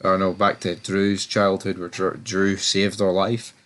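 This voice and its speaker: A young man talks through a TV episode in a loose, rambling way. He stumbles and restarts his sentences and sounds exasperated with the show. His voice sits a little low. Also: little pitch movement, measured pace, fairly bright tone. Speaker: TV review channel host. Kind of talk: casual episode review.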